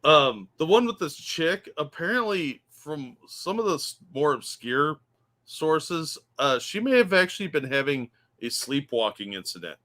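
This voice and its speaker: A man's voice: fairly high pitch, big pitch swings, a little slow, pushed and bright. A man co-hosting a casual podcast, chatty and joking as he explains stories. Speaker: co-host.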